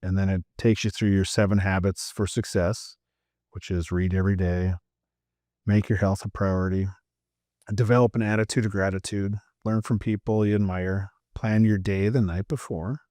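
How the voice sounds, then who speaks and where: A Canadian man with a deep, low voice, co-hosting a podcast and chatting casually. He rambles, with lots of "um" and "uh" and restarts. Dry, close sound with no room echo. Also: steady tone, moderate pace, warm tone. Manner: rambling, many fillers and restarts. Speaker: podcast co-host and mindset coach.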